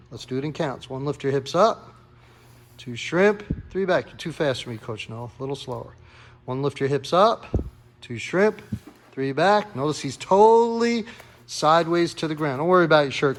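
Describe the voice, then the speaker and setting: A man's voice: on the high side, a little hiss or hum. A man coaching a kids' jiu-jitsu class, calling out counts and encouraging a young helper. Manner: upbeat, encouraging, calls out counts.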